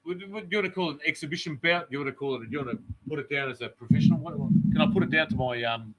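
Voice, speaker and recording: A man's voice: fairly high pitch, very fast, phone-quality sound, a crowd in the background. A man hosting a podcast, swearing and joking as he reads out chat messages. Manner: sweary, joking, mock-tough. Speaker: podcast host. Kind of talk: casual banter, reading chat messages.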